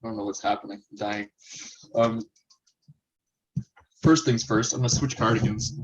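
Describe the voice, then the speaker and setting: A man's voice: lowish voice, steady tone, normal speed. A man co-hosting a casual chat over a video call, talking in an easygoing, chatty way. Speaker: podcast co-host. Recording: dull video call audio.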